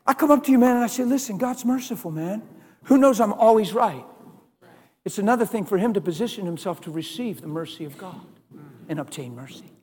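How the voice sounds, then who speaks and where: High-voiced preacher in a reverberant hall. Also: male voice, expressive, brisk. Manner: storytelling, swings from hushed to loud. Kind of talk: sermon.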